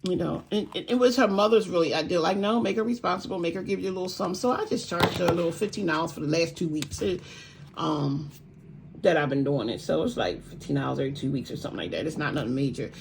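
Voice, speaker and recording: A woman's voice: on the low side, fast, creaky. An older woman vlogging casually about budgeting at home, chatty and encouraging, laughing often. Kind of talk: casual vlog talk. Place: home room by an open window. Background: faint street noise, passing truck.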